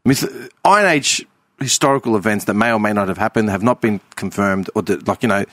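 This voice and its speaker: A man's voice: fairly low pitch, brisk, fairly bright tone, no room sound, clean studio sound. A man ranting in casual podcast chat, often adding "man" and "right?". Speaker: podcast host.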